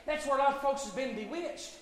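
A man, a pastor preaching an emphatic sermon with folksy asides and bursts of shouting. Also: extremely high pitch, fast. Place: church sanctuary. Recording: echoey hall.

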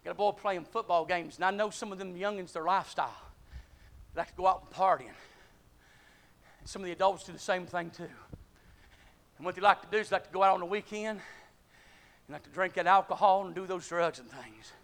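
High, gravelly preacher shouting. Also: male voice, brisk. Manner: call-and-response, rising to shouting peaks. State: out of breath. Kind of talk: sermon.

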